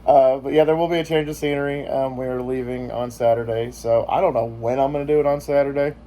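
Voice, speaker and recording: A man's voice: medium pitch, fairly even intonation, fast talker, dark tone, a little hiss or hum. A man vlogging in casual chat, joking and rambling with lots of filler words.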